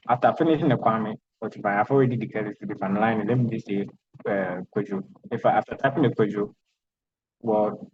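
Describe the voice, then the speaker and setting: A man with a Ghanaian accent teaching programming in an online lecture, talking in a halting way with many restarts and repeated words. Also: on the low side, a little mellow, breathy edge. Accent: Ghanaian English. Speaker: programming instructor. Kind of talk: online lecture with screen sharing. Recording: dull lo-fi online call audio.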